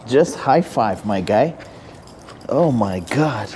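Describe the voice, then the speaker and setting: A man's voice: mid-range voice, expressive, takes it slowly, darkish tone, slight background noise. Playful man coaxing his dog. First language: Amharic. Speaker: vlogger. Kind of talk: casual vlog, talking to his dog.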